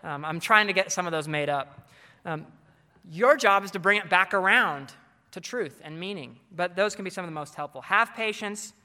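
A man with a fairly high, bright, ringing voice gives advice to a room of teachers. He talks earnestly, like a coach, and stumbles into ums and restarts as he goes. His voice carries a long reverb from a large hall. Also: normal speed. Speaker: teacher speaking to fellow educators. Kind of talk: conference talk.

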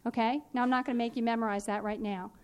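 A woman teaching a phonics and spelling workshop, explaining in a clear, patient, instructive way. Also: on the high side, fairly even intonation, fast talker.

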